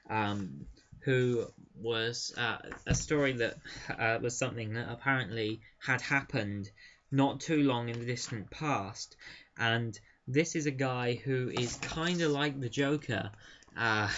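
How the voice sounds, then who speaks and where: Enthusiastic male reviewer, chatty with filler words; mid pitch, dull lo-fi recording. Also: fairly bright tone. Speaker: comic book reviewer. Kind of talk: casual review talk.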